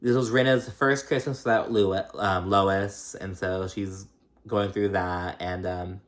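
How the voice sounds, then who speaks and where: A young man hosting a casual reality TV recap, chatty and profane, laughing often and mimicking people in a high voice. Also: steady tone, measured pace.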